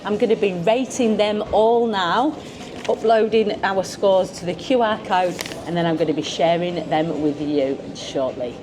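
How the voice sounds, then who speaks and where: Tasting tapas at a beachfront restaurant, this woman vlogger keeps up casual food commentary and hums happily after each bite. Her voice is fairly low and unhurried, and the noise of a busy dining crowd fills the background.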